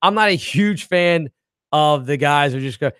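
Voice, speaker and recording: A man's voice: on the high side, normal speed, clean tone, no echo, studio quality. A man hosting a podcast in casual chat, telling stories and acting out the people in them. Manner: animated storyteller, acts out voices in quotes. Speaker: podcast host.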